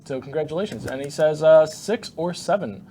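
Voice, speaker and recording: A man co-hosting a game stream, relaxed and a little hesitant, reading out winners. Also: fairly high pitch, moderate pace, a little hiss or hum. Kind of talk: casual stream chat.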